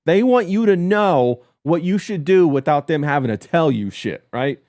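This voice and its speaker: A man's voice: fairly high pitch, animated, moderate pace, a little mellow, no echo, clean studio sound. A man hosting a podcast, telling a story in a crude, rambling way with lots of "uh" and "like". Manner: crude, storytelling rant with frequent fillers. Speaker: podcast host. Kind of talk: casual podcast chat.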